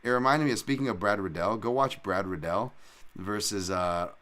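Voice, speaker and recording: A man's voice: fairly low pitch, moderate pace, fairly bright tone. A man hosting a solo fight-betting podcast, talking casually in a profane, rambling and jokey way. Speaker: podcast host and fight analyst.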